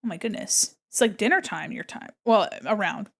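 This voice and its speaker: A woman's voice: mid-range voice, big pitch swings, a little fast, vocal fry. An American woman streamer and illustrator, chatting casually and bubbly with her viewers while she draws. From United States. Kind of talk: casual live-stream chat while drawing.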